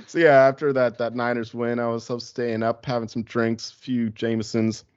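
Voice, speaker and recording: A man's voice: medium pitch, flat delivery, normal speed, clear, resonant tone, no echo, dull audio. A man co-hosting a sports podcast, rambling in a laid-back way with lots of fillers. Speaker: podcast co-host. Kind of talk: casual sports podcast chat.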